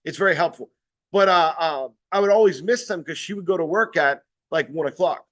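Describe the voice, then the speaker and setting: A man's voice: a little high, fairly quick, a bit bright. A man giving a casual sales training talk, rambling and blunt, swearing freely and checking in with his listeners.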